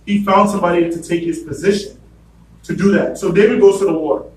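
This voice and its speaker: A man with a fairly high voice delivers a sermon, retelling the story and slipping into the voices of its characters. He is picked up from a distance in a reverberant church hall, with a faint hum of room noise underneath. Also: fairly quick, a little mellow. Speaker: preacher. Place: church sanctuary. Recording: echoey church room from afar.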